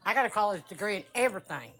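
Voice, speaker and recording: A woman's voice: mid-range voice, lively intonation, rapid-fire, fairly bright tone. A woman with a Southern US accent hosting a casual livestream chat, blunt and stubborn as she teases back. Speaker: livestream host.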